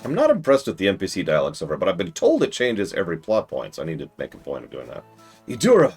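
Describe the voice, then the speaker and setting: A man's voice: sits low, huge pitch swings, rapid-fire, a little mellow, faint music behind. A man streaming a role-playing game, chatting casually and joking, reading the dialogue aloud and teasing his co-streamer. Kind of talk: casual gameplay commentary.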